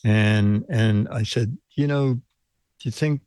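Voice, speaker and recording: A man's voice: medium pitch, takes it slowly, darkish tone, no room sound. A man hosting a casual live-stream show, telling stories in a rambling way, chuckling often and restarting his sentences. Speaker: show host.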